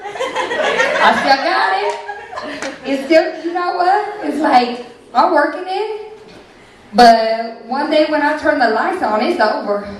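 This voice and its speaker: A woman's voice: high voice, lively intonation, slow, pauses often. A woman voicing a brash, sassy character who brags about her backside, in a slangy, boastful manner. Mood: bragging, then scheming. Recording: echoey club from far off. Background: audience laughter.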